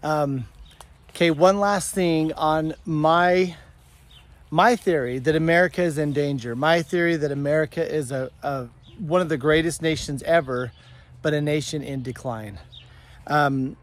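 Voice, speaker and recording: A homesteader vlogger, a middle-aged man, talks to the camera outside on his farm near the goat pen and orchard. His voice sits a little high and he takes his time, speaking casually and earnestly while rambling and restarting often.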